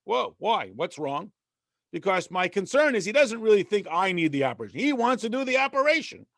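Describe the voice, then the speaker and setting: Rabbi guy teaching a class, kinda high voice, super dry close sound, acts out little dialogues. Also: fairly bright tone, no echo. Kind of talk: conversational text lesson.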